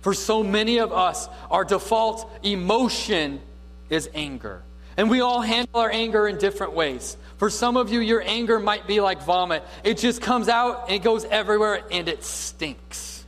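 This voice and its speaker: A man preaching a sermon as a pastor, with dynamic preaching that swings from loud to hushed. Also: high voice, moderate pace. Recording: reverberant hall with faint mains hum.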